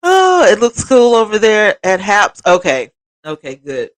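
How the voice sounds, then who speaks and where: A woman's voice: medium pitch, wildly swooping pitch, a little slow, dry recording. A woman hosting a casual livestream, chatting expressively and talking straight to her viewers as she reads their comments. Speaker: livestream host.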